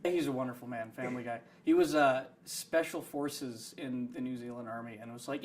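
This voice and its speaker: A man's voice: medium pitch, moderate pace, hardly any pauses, a little mellow. Fields: rambling self-deprecating young man. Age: young adult. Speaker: actor. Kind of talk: behind-the-scenes interview.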